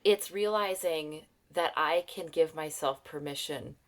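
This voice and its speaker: Lowish-voiced earnest woman, reflective. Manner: earnest, reflective, slows to think aloud. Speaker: guest, parenting program client. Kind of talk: conversational interview.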